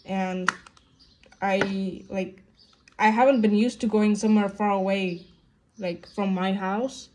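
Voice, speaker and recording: A woman's voice: medium pitch, steady tone, slow, long pauses, noisy background. A young woman venting in a casual get-ready-with-me vlog at home, rambling with lots of fillers. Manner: rambling, heavy on fillers like "like" and "you know"; upset and venting. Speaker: vlogger. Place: at home indoors.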